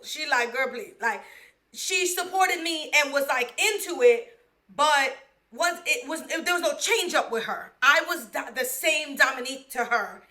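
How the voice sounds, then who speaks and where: Young Bronx woman, podcast storyteller; slow, heartfelt, slangy, with a high voice. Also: bright, forceful tone. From the Bronx, New York. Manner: candid, emotional, slangy, addresses listeners as y'all. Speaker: podcast host telling her life story. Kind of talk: personal storytelling monologue.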